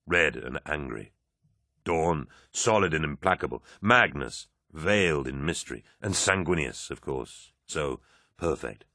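Very deep-voiced male audiobook narrator. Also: sharp tone, no echo, studio quality. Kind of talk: scripted narration.

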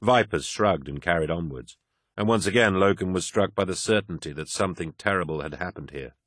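A man narrating an audiobook in a measured, grave manner. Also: low voice, a bit bright, no echo, studio quality.

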